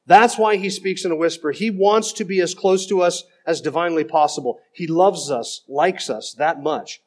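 A man's voice: a little high, moderate pace, a little mellow. A middle-aged man preaching a sermon, reading out quotes and rebutting them with emphatic, critical preaching. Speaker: pastor.

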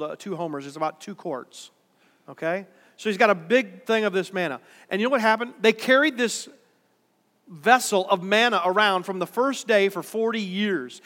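A male pastor preaching to his congregation in a church worship center. His voice is high and bright, and it carries a long hall reverb. He talks in a conversational way and then rises to emphatic peaks. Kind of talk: sermon.

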